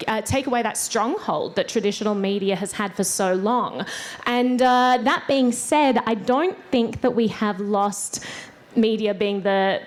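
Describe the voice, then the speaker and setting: A woman moderating a conference panel, speaking articulately at length before putting questions to the panelists. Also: mid-range voice. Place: conference stage.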